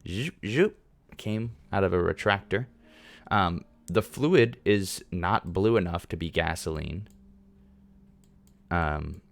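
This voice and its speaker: A man's voice: deep voice, creaky. A man from California chatting casually on a livestream, joking and explaining things as he works. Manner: chatty, jokey, explains while working. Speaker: streamer.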